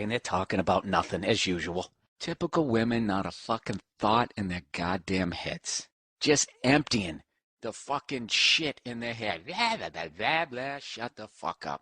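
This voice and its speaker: A man's voice: medium pitch, fairly bright tone, no echo. A man with a Boston accent ranting casually and sarcastically on his podcast, swearing often and talking to his dog. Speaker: comedian podcast host. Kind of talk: casual rambling rant. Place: home office.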